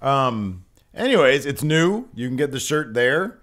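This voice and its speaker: A man's voice: medium pitch, big pitch swings, unhurried, a bit bright. A man co-hosting a casual wrestling review podcast, loose and jokey, rambling with asides. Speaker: podcast co-host. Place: home podcast set.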